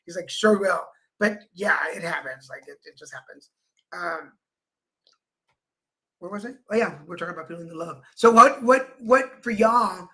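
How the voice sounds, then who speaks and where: A man co-hosting a relaxed livestream talk show, talking in a bright, clear voice. He tells long anecdotes, slips into the voices of the people he quotes, and laughs easily along the way. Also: sits high, moderate pace. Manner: chatty storyteller, acts out quoted people. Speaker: co-host. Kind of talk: casual livestream chat.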